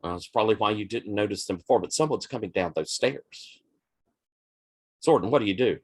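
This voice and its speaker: A man's voice: on the low side, animated, fairly quick, husky. A man running a tabletop role-playing game, describing scenes and asking players what they do. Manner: descriptive, conversational narration. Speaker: game master.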